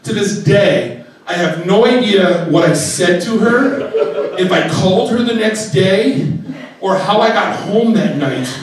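A middle-aged man telling a comic personal story on stage, animated and acting out voices. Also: sits high, measured pace. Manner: animated, acts out voices, laughing through the telling. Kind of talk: stand-up storytelling. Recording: echoey room, distant mic.

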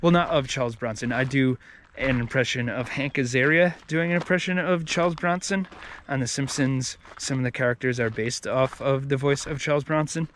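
A man's voice: medium pitch, normal speed, fairly bright tone, slight background noise. A man giving a casual, rambling movie review, with many fillers and restarts.

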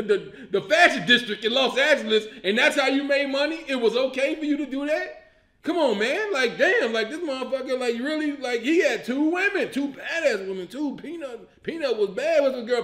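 A man from Illinois, a comedian hosting his own show, ranting about a movie in a loud, profane, incredulous way, breaking into laughs. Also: very high voice, roomy sound. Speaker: comedian host. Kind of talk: animated comedic movie rant.

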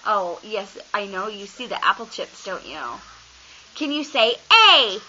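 A woman's voice: medium pitch, expressive, unhurried, sharp tone. A woman talking baby talk to her little one at home, coaxing in a sing-song way and often laughing, recorded on a home camera. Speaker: parent filming her baby. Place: home, indoors. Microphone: handheld camera. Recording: dull lo-fi home camcorder audio.

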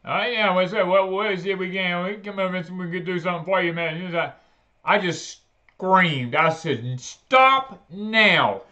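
A man chatting on a homestead livestream, telling stories in a folksy way that turns loud and heated. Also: high-pitched, fairly even intonation, moderate pace. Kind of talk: casual live chat. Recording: dull lo-fi livestream audio.

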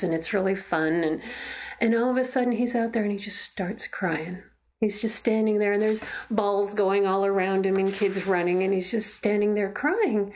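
A middle-aged mother speaks in a documentary interview, earnest and reflective, often pausing to find her words. Her voice has a gravelly, creaky edge at a middling pitch. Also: darkish tone. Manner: earnest, halting, reflective storytelling. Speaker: mother telling her story. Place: in her own home.

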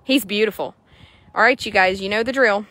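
A woman, chatting excitably to viewers while showing a horse for sale in an arena. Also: medium pitch, a little fast, a little hiss or hum. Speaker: horse seller. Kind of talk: casual sales chat while riding.

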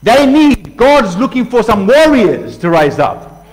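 A man preaching a sermon passionately, swinging from loud outbursts to hushed lines and acting out voices. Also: very high voice, sing-song, measured pace, rough recording. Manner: acts out voices for illustration. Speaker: pastor.

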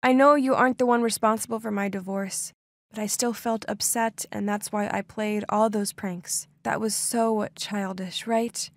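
A woman voicing a young adoptive sister in an animated storybook, speaking softly and apologetically. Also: medium pitch, normal speed, no room sound, natural voice. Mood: contrite.

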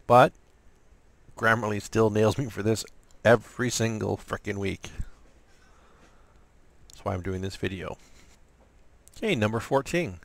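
A man's voice: fairly low pitch, a little slow, vocal fry, pauses often. A man hosting a casual grammar lesson, chatty with self-deprecating asides. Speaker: writing channel host.

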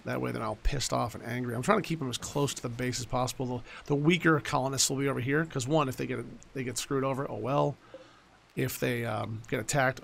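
Gravelly-voiced man, forties, let's-play commentator, blunt and profane, faint hiss behind. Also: medium pitch. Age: 40s. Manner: blunt, swears freely, rambling asides. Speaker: gaming YouTuber.

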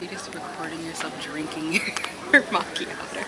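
A woman's voice: low-pitched, normal speed, a crowd in the background. A woman chatting playfully with a friend on a trip and doing a mock advertisement. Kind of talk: casual chat.

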